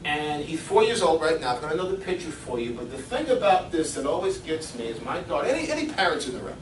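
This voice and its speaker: Animated middle-aged man in an echoey room. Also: fairly high pitch, fast, recorded from a distance, slight background noise. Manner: animated storyteller, chuckles often. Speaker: fitness coach giving a seminar. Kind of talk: seminar talk with personal stories. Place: seminar room.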